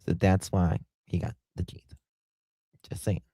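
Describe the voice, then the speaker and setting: A man voicing a brash, rambling woman who pitches gag gifts as a show sponsor. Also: level tone, a little slow, creaky, mellow, husky, no echo, studio quality, heavily acted. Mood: chatty. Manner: rambling, blunt.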